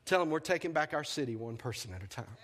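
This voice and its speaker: A man delivers a storytelling sermon as a pastor, playing out the dialogue with lively energy. His voice is high and bright. The sound carries a long reverb from a church sanctuary. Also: quick pace. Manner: animated storyteller acting out dialogue.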